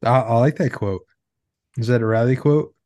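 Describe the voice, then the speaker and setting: A young man co-hosting a podcast in casual chat, trading dry, deadpan quips. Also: mid-range voice, normal speed, no echo. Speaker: podcast co-host.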